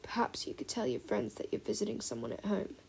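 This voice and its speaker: A woman's voice: mid-range voice, animated, fast talker, creaky, darkish tone, a little hiss or hum. A woman voicing a stern older female teacher with a reedy Scottish accent, precise and formal. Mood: formal, measured.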